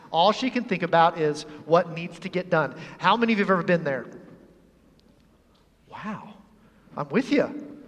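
A male pastor preaching a sermon in a church, animated and humorous, acting out the scenes he describes. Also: high-pitched, long reverb tail. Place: church sanctuary.

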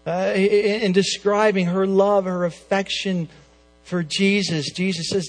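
A man preaching a sermon, swinging between loud emphatic lines and soft hushed phrases. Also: sits high, steady tone, normal speed, soft background music.

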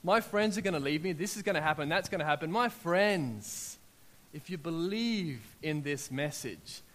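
Preaching at a moderate pace in a fairly high voice, a middle-aged Australian man recounts personal testimonies, voicing what people said. The sermon rises to loud, excited peaks.

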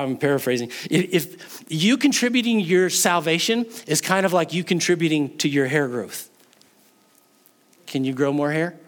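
A man preaching a sermon in church as pastor, earnest, mixing jokes into his teaching and rising in volume for emphasis. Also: fairly high pitch. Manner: earnest preaching with joking asides, swells louder in emphasis. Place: church sanctuary.

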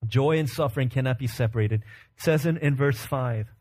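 A man's voice: mid-range voice, brisk, a little mellow. A man in his thirties preaching a sermon, earnest and storytelling, breaking into laughs and acting out the voices in his stories. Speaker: pastor.

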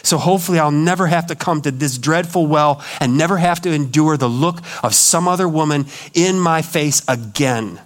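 A man's voice: fairly high pitch, moderate pace, few pauses. A male pastor preaching a sermon, acting out the voices of the people he quotes. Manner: dramatic, acts out quoted voices. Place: church.

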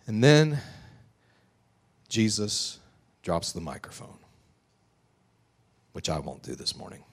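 A man preaching a sermon, retelling a story in a lively, vivid way. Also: low-pitched, a little slow, vocal fry, husky. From West Texas. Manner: animated, vivid retelling with acted quotes. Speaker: pastor.

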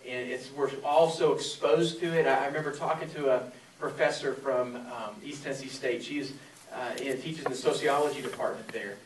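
A man's voice: mid-range voice, steady tone, a little fast, a little hiss or hum. A man in his forties from Florida, preaching a sermon as a pastor in a conversational storytelling way with many fillers. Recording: echoey room from a distance.

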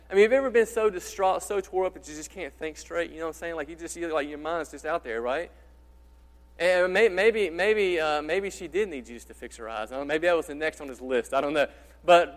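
A man pastor preaching an impassioned sermon, repeating rhetorical questions and swinging from loud to quiet. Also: a little high. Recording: reverberant hall.

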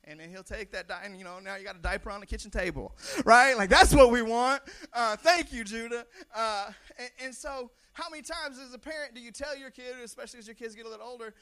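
High, gravelly, animated young male preacher. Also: brisk. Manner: conversational, animated, repeats words, shouts punchlines. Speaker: pastor. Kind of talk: sermon.

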